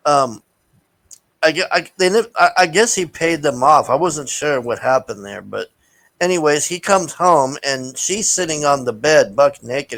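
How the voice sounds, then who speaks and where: A man's voice: on the high side, expressive, unhurried, a bit bright, no room sound, poor audio. A man giving a casual, rambling movie review, blunt and profane, with lots of fillers and restarts. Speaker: vlogger reviewing a film.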